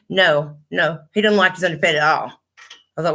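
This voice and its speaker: A woman's voice: low-pitched, moderate pace, a bit bright, a little hiss or hum. A middle-aged woman, chatting on a livestream and telling blunt, profane stories. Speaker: livestream host. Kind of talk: casual chat.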